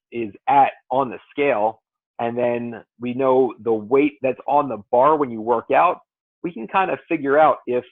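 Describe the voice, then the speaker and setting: A man's voice: mid-range voice, no room sound. Man, fitness coach, casual rambling explanation, phone-line sound, dry. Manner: rambling, conversational, works through numbers aloud. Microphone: call audio.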